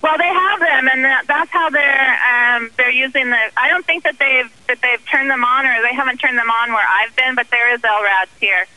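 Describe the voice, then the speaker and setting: A woman's voice: high voice, moderate pace, hardly any pauses, pushed and bright, no echo, low-quality recording. A woman activist speaking by phone in an interview, earnest and indignant, with many ums. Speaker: guest activist.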